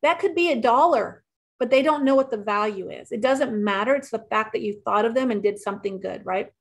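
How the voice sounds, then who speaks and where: Woman, middle-aged, fairly high voice, chatty, upbeat, real estate agent, casual tips talk. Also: brisk. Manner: chatty and upbeat, acts out client quotes.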